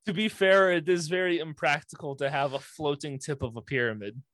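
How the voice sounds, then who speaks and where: A man's voice: on the high side, fairly even intonation, a little fast, fairly bright tone. A man in casual podcast chat, throwing out absurd jokes and curses. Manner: jokey, absurd quips, swears.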